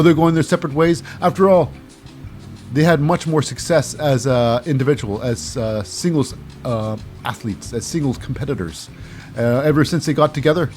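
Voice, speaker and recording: A man's voice: fairly high pitch, a little mellow. A man casually recapping a wrestling show, rambling with lots of fillers and snarky asides.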